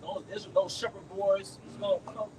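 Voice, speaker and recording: A man preaching to a camp outdoors in loud, emphatic street slang. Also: high voice, monotone, moderate pace. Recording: distant mic, traffic noise outdoors.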